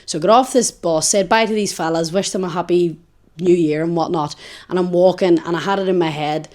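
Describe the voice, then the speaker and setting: A young woman co-hosting a podcast, telling a story in casual chat, animated and swinging from hushed to loud. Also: lowish voice, fairly quick. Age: young adult. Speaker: podcast co-host.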